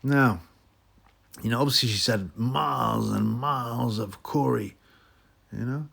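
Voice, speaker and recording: A man's voice: a little slow, vocal fry, fairly bright tone. A man hosting a boxing channel, ranting in a mocking, rambling way with many fillers and restarts. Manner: slips into mocking high voices when quoting. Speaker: boxing commentary channel host. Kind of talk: ranting casual monologue.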